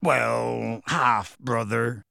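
A man voicing a big, bearded half-giant man who speaks in rough, homely grammar, earnest and close to tears. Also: mid-range voice, fairly even intonation, extremely slow, sharp tone, no echo, voice pushed down, exaggerated voice. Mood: earnest, pleading.

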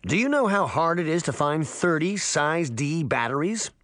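A man's voice: fairly high pitch, sing-song, moderate pace, a bit bright, no room sound. A man voicing a wry grown uncle who makes dry jokes. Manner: dry, joking delivery.

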